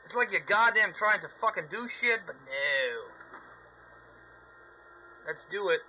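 Sweary, animated man ranting over gameplay. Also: high-pitched, slight background noise, poor audio. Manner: sweary, sarcastic, ranting at the game. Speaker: gameplay commentator. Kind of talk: let's play commentary.

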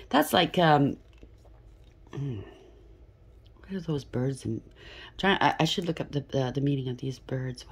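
A tarot reader with a low, husky, darkish voice gives a casual reading from a room at home with an incense burner. She speaks in an emphatic stream of thought, often pausing to ask "okay?"

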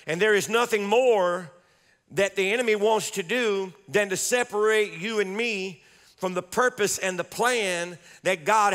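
A man's voice: high-pitched, a bit bright, in a large hall. A man preaching a sermon as pastor, repeating phrases and calling on the congregation to recite verses aloud.

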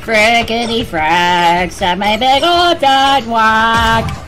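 A woman's voice: fairly high pitch, drawn-out words, poor audio. A woman gamer commentating her horror game run, panicking, screaming and swearing a lot. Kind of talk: let's play commentary. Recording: game music playing loudly behind.

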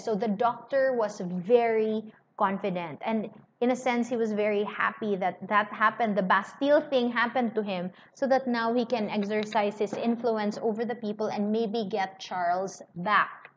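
A woman's voice: mid-range voice, moderate pace. Woman reading and explaining a novel. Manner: reads, then paraphrases in casual asides. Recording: slightly muffled with faint hiss.

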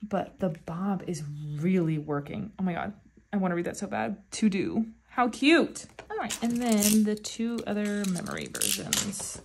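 A woman vlogger unboxing albums in a casual chat, gushing and often gasping with excitement. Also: medium pitch, a little slow. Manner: gushing, with frequent excited gasps.

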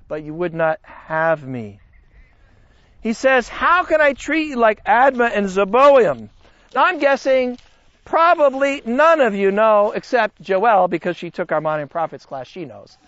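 A man teaching a Bible study class in an animated, conversational way, joking with his listeners. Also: high voice, no echo, muffled recording.

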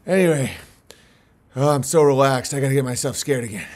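A man's voice: mid-range voice, a little fast, a little mellow. A man hosting a casual livestream from outdoors on his farm at night, rambling, swearing and laughing as he jokes in a mock-spooked way. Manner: profane, joking, mock-spooked, laughs often. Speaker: livestream host.

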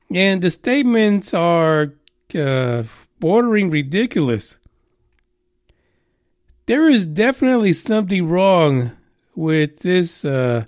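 A man's voice: on the high side, dry recording, studio quality. A man hosting a podcast in a casual monologue, profane and sarcastic, rambling with many fillers. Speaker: podcast host.

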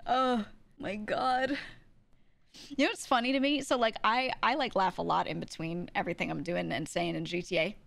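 A woman's voice: medium pitch, steady tone, moderate pace, creaky, pauses often, a bit bright, dry recording. A young woman streaming from home, chatting casually to her viewers and laughing often between sentences. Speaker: VTuber streamer. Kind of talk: casual stream chat, reacting to clips.

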